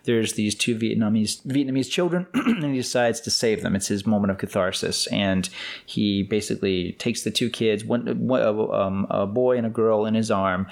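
A man's voice: lowish voice, normal speed, gravelly, a little mellow. A man co-hosting a podcast, talking casually about film scores and cut scenes with frequent restarts. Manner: film-buff commentary with many restarts and asides. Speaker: podcast co-host.

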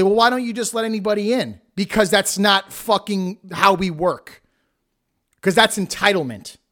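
Brief: higher-voiced man, podcast host, heated profane rant, blunt and defiant. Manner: blunt, heated, heavy swearing. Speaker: podcast host and wrestling promoter.

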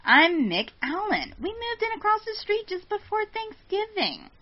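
A man's voice: very high-pitched, sing-song, unhurried, pitched above the performer's own voice, exaggerated voice. Woman doing a smug creepy neighbor man. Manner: breezy, falsely reassuring. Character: smug creepy male neighbor in a Santa suit. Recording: dull lo-fi sound.

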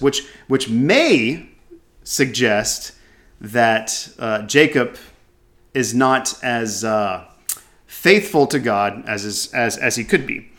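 A man's voice: medium pitch, takes it slowly, fairly bright tone. A man teaching from a scripture passage, reading verses aloud and then commenting on them with casual restarts and asides. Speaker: Bible teacher.

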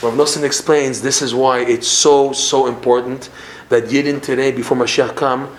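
A man teaching a Torah class in an animated way. He often repeats himself and acts out examples as he explains. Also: medium pitch, moderate pace. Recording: roomy echo with faint ambience.

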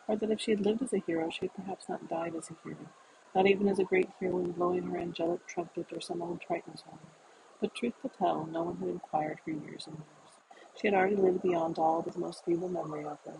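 A reader narrating a literary novel in a measured, deliberate way, with occasional restarts. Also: medium pitch, vocal fry. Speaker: audiobook reader. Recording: noisy recording.

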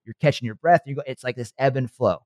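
A man talking earnestly on a podcast in a coaching way, often checking in with his listener with quick "okay" and "right" asides. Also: medium pitch, darkish tone, no room sound, clean studio sound. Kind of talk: motivational podcast talk.

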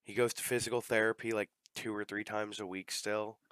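A man's voice: lowish voice, level tone, fairly quick, fairly bright tone, smooth, dry recording, clean studio sound. A man hosting a casual chat, telling long profane rambling stories.

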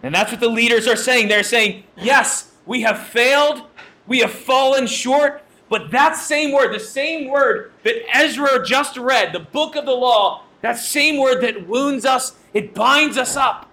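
A male pastor preaches earnestly and with animation, his high-pitched voice bright and ringing. He speaks unhurriedly yet with hardly any pauses, driving his points home through repetition.

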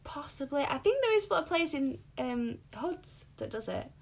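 Young Yorkshire woman co-host, lively pitch, gravelly texture, casual podcast chatter. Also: moderate pace. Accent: Yorkshire English. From Yorkshire, England. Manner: chatty, lively, says "like" often. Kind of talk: casual chat.

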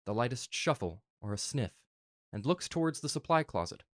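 A man earnestly reading a fan story aloud in a soft, emotional way. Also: mid-range voice, sing-song, moderate pace, no room sound, clean studio sound. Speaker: narrator.

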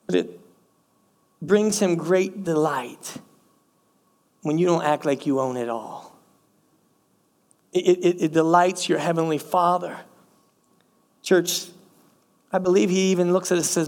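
Preaching at a measured pace with frequent pauses, this middle-aged pastor has a fairly high, slightly mellow voice. He speaks straight to his congregation, calling them "church," and repeats phrases to stress them.

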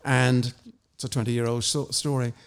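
A man's voice: mid-range voice, little pitch movement, clear, resonant tone. Man reading and chatting. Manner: measured and anecdotal, with small restarts. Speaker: author and interview guest. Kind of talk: story reading and casual interview.

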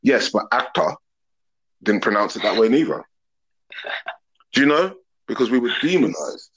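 A man's voice: mid-range voice, big pitch swings, moderate pace, fairly bright tone, husky, dull audio. A man, a podcast guest talking openly and earnestly in long reflective thoughts. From England. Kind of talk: open casual conversation.

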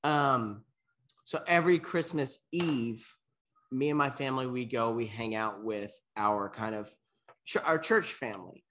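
A man's voice: mid-range voice, measured pace, fairly bright tone. A young man co-hosting a casual sports podcast, rambling and sometimes choking up with emotion. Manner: rambling, gets emotional and chokes up. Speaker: podcast co-host. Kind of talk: casual chat.

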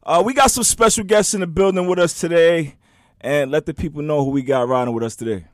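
Middle-aged male coach hosting a casual podcast, slightly high voice, dry close sound, loose slangy talk. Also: quick pace, no room sound. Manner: slangy, easygoing, stumbles over words. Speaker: podcast host and basketball coach. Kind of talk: casual chat.

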